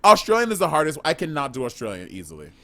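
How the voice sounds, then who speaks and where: Lively, laughing man co-hosting a podcast. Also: on the high side, very fast. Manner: animated, laughing, profane. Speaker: podcast co-host. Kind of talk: casual chat.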